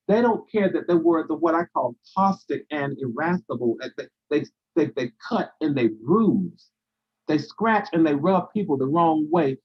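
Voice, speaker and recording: A man's voice: high voice, lo-fi sound. A man hosting a live stream, giving a motivational talk in a preacherly way, repeating phrases for emphasis and answering viewers' comments.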